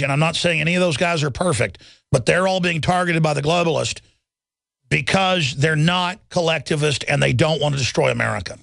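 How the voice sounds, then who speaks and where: Gravelly, combative radio talk host. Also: male voice, on the high side, a bit bright, no room sound. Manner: combative, mocking, swerves into sneering impressions of critics. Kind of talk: rambling political radio monologue. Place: radio studio.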